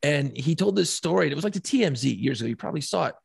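Gravelly, husky middle-aged man telling stories. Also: fairly high pitch, racing, dry recording, clean studio sound. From New Orleans area. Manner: animated storytelling, swearing, bursts of laughter. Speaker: podcast co-host. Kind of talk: casual chat.

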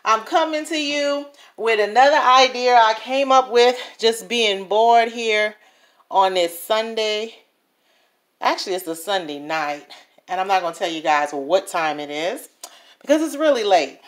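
A woman's voice: fairly high pitch, lively intonation, measured pace. A woman chatting through a home cooking vlog in her kitchen, often checking in with viewers. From New Orleans, USA. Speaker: home cook.

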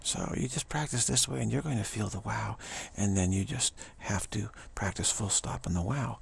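A man's voice: fairly low pitch, normal speed, gravelly, husky. A man giving an informal spiritual talk in his own video studio, emphatic and repetitive, often chuckling. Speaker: spiritual teacher.

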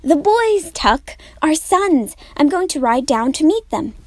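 A woman doing a calm, eager farm wife. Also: high voice, a little slow, no echo, pitched above the performer's own voice. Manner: eager, warm, patient.

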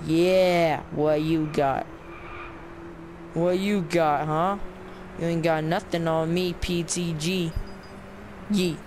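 A man giving casual, sarcastic let's-play commentary while grumbling at the game. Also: fairly high pitch. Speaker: gameplay commentator. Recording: clear background noise with game car sounds.

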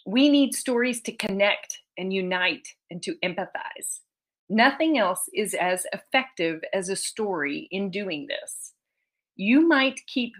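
Over a video call, a woman who writes children's books gives a conference talk in which she reads letters from her readers. Her mid-range voice is a bit bright, and she is often tearful and often laughing.

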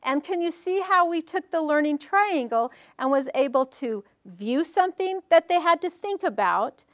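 Woman, workshop presenter; lively storyteller, high voice, dry close recording. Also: moderate pace, no echo. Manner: animated storytelling, asks the audience questions. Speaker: early-learning workshop presenter. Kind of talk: teaching a parent workshop.

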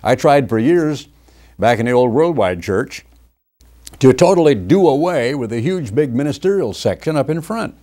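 A man's voice: mid-range voice, lively intonation, moderate pace, mellow. An older preacher delivers a sermon from his study. He talks in a conversational way, moves between reading scripture and chatting, and mocks other people's voices as he goes. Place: home study.

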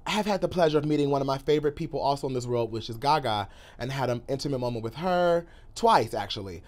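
A young man telling an excited storytime in a sassy, theatrical way, swinging between loud outbursts and hushed asides. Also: on the high side, fast talker. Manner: sassy, calls the listener girl and honey. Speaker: pop culture commentator and YouTuber.

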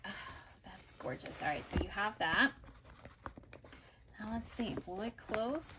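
A woman's voice: mid-range voice, normal speed, very noisy. Gushing woman showing off planners. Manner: gushing, excitable, thinks aloud. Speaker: planner vlogger. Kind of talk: casual product haul chat.

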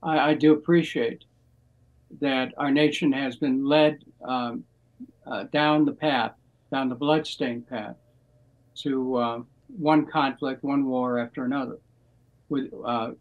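An older American man, a former congressman, speaking as a guest in a measured, deliberate way with frequent pauses. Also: mid-range voice, steady tone, narrow, tinny audio. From United States. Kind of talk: political interview.

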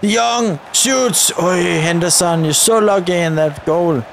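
A young man giving live commentary over a football video game, shouting at the referee in frustrated outbursts. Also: high-pitched, a little slow, slight background noise. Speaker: gaming YouTuber.

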